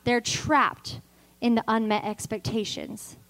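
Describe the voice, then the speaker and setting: A woman preaches with passion, swinging between loud, emphatic declarations and soft, intimate storytelling with touches of self-deprecating humor. Her voice is on the high side and creaky, she takes it slowly, and the audio is poor.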